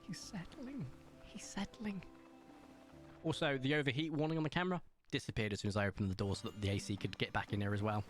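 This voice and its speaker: A man's voice: on the low side, fairly even intonation, very fast, few pauses, soft background music. A man of about thirty, chatting on a gaming stream at his home desk and talking to his cat in a coaxing voice. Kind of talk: casual gaming stream chat. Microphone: desk microphone.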